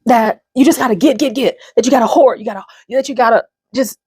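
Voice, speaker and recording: A woman's voice: a little high, fast, mellow, husky, dry recording. A woman in her fifties giving an earnest, emotional motivational talk to her viewers, close to tears at times. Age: 50s. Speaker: channel host. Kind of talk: personal motivational talk to camera.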